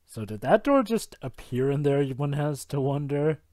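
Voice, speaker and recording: Wry commentary voice, very animated. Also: mid-range voice, no room sound. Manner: wry asides, quick reactions. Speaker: podcast co-host. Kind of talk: casual movie commentary.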